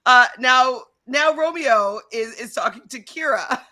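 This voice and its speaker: A woman co-hosting a casual recap chat about a reality show, chatty and quick to laugh, often reading from her notes. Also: sits high, bright, forceful tone.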